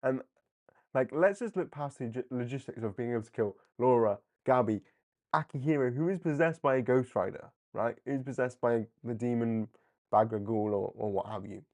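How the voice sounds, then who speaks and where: A man hosting a live comic book discussion, animated and often laughing as he briefly acts out characters. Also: mid-range voice, normal speed. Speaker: comic book livestream host. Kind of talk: casual live commentary.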